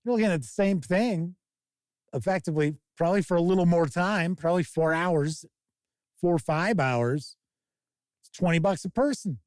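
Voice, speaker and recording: Brief: male stream host, slightly high voice, dry close sound, rambling and casual, swears freely. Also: moderate pace, no room sound. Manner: rambling, profane, animated mock quotes. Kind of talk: casual live-stream talk.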